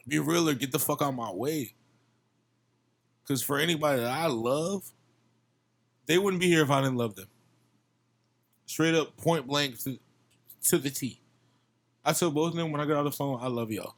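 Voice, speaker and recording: A man's voice: on the high side, moderate pace, long pauses. A young man from Virginia, a musician guest on a podcast, talking in a passionate, profane casual chat and often repeating himself.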